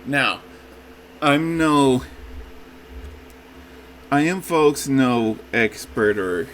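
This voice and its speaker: Calling his listeners "folks" again and again, this YouTube reviewer rambles casually about a movie trailer and often restarts what he's saying. His mid-range, slightly bright voice has lively intonation and drawn-out words, and the rough recording carries slight background noise.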